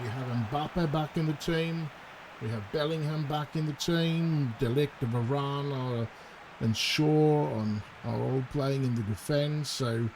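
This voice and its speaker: A man's voice: medium pitch, noisy background. A man casually commenting as he plays a football management game, hesitant and chatty, perking up when chances come. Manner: chatty, hesitant, with bursts of excitement at goals. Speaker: gaming YouTuber. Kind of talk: casual let's-play commentary.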